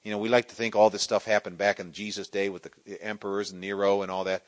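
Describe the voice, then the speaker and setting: A middle-aged man preaching a sermon, swinging from loud, soaring exclamations to quiet storytelling. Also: lowish voice, level tone, quick pace, no echo.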